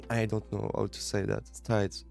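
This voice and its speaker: A French man with a French accent, a native French speaker, reading English lessons aloud on a study live stream and halting to repeat words while practising pronunciation. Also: lowish voice, creaky, soft background music.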